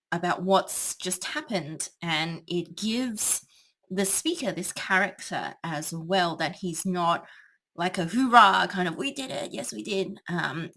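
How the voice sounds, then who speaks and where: Female tutor, lowish voice, unhurried, hesitant analytical explanation. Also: fairly bright tone. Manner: thoughtful, hesitant with many ums. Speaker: English tutor.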